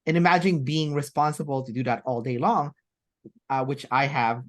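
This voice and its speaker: A woman's voice: rumbling low, fairly even intonation, normal speed. Chatty woman rambling through an interview. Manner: chatty and rambling, many fillers and restarts. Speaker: interview guest. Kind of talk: casual interview chat.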